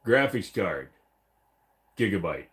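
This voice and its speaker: A man's voice: deep voice, sing-song, slow, a bit bright. A man hosting a casual livestream, chatting bluntly and profanely while reading viewer comments aloud. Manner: blunt, profane and rambling, mock-voices chat messages. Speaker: livestream host.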